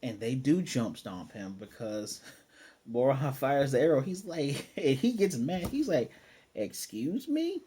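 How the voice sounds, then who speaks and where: Male anime reviewer, mellow husky tone, energetic slangy recaps. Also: mid-range voice, a little slow. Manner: excitable, slangy, swears, acts out scenes. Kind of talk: casual episode review.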